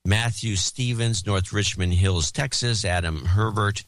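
A man with a fairly low voice reads a list of donors on a casual talk podcast, with banter between the names. He plays with the names he mangles. The sound is dry and close. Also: unhurried, no echo. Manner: jokey, mangles and repeats foreign names. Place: Oakland, California.

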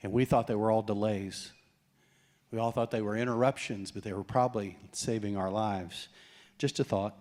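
A man's voice: lowish voice, moderate pace. A middle-aged male pastor preaching a sermon, telling stories with humor and acting out quoted voices. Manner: animated storytelling, acts out quoted voices with humor.

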